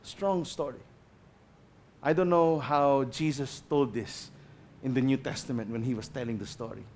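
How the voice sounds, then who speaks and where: A man with a Filipino accent preaching a sermon as a guest pastor, passionate, swinging between loud emphasis and quiet asides, slipping in Tagalog phrases. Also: mid-range voice, moderate pace.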